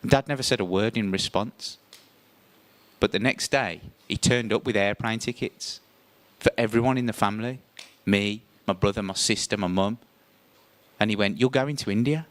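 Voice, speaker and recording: Animated male storyteller, dry sound. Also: fairly low pitch, normal speed, dry recording. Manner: animated, voice jumps up when acting out scenes. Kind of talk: live first-person storytelling performance.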